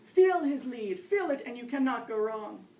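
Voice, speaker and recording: A woman voicing a strict male tango instructor who barks orders like a drill sergeant, raised and loud. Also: on the high side, expressive, moderate pace, a little hiss or hum, pitched above the performer's own voice. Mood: barking orders. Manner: barking orders. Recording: roomy, distant live-event recording.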